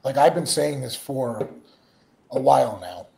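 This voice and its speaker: A man's voice: medium pitch, expressive, a little slow, creaky, dark tone. A man guest in a casual chat, emphatic and profane, repeating himself for emphasis.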